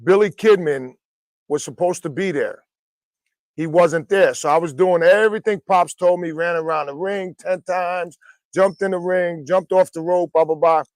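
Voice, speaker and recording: A man who trains wrestlers, telling animated and profane stories in a casual podcast chat. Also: high-pitched, moderate pace, no echo.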